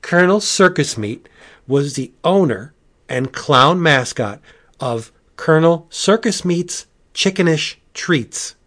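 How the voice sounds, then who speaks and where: A man hosting a casual comic book review podcast, rambling and animated, with frequent asides and restarts. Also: fairly high pitch, slow pace. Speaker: podcast host.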